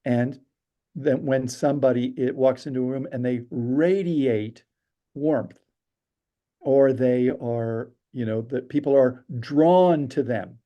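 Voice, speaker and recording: A man telling stories as a podcast interview guest, animated and acting out the people he quotes. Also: medium pitch, takes it slowly, highs cut off. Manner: animated storyteller, acts out quotes. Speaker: storyteller guest. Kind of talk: casual interview chat.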